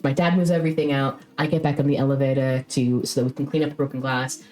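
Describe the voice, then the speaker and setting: A woman's voice: rumbling low, fast talker, faint music behind. A young woman streamer casually telling a long story, rambling and swearing freely as she goes. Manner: rambling, frequent swearing, lively retelling.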